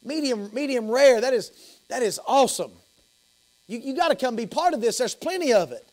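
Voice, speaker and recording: A man voicing an excited young male servant, stammering and gushing with news in a sermon story. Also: high-pitched, normal speed.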